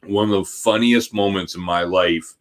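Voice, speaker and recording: Lowish-voiced man telling a funny story. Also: moderate pace. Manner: animated, laughing through a funny story. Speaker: podcast co-host. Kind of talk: casual storytelling chat.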